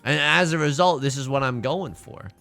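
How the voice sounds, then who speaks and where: Male streamer, bright and animated, joking through his plays over faint music. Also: a little high, normal speed, gravelly. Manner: animated, jokey, self-narrating. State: hiccuping. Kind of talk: live game stream commentary.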